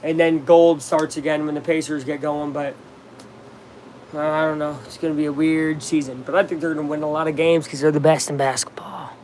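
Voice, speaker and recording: A man casually commenting on a baseball game on a live stream, chatting with viewers and reacting loudly to plays. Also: a little high, flat delivery, fairly quick, slight background noise.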